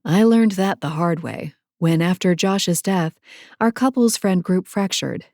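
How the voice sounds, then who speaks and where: A woman's voice: lowish voice, unhurried, darkish tone, dry recording, clean studio sound. A woman narrating a first-person romance audiobook in a wry, self-deprecating voice.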